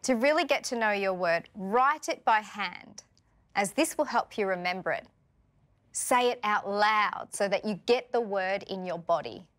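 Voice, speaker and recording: A woman's voice: medium pitch, expressive, measured pace, a bit bright. Patient Australian woman teaching vocabulary. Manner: clear, patient, asks learners questions. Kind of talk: scripted vocabulary lesson.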